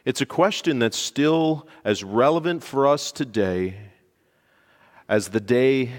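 A man preaching a sermon, telling a story with lively emphasis, rising loud at key points and dropping to near quiet for dramatic moments. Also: mid-range voice, slow. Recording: long hall reverb.

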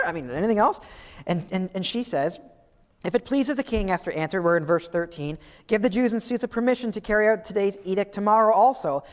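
A man preaching a sermon in a lively, conversational way, asking his listeners questions as he goes. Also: high voice, in a large hall. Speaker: pastor.

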